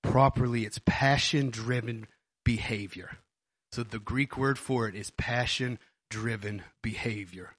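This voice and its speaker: A man's voice: medium pitch, a little slow, a bit bright, dry recording. Dry-sounding man explaining scripture. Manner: explanatory, repeats words, checks in with listeners. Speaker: podcast co-host. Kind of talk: casual Bible teaching chat.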